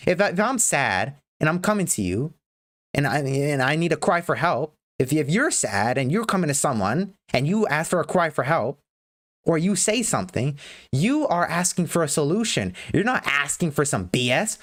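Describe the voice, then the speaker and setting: A woman's voice: low voice, very animated, normal speed. A woman livestream host giving a blunt, profane motivational rant.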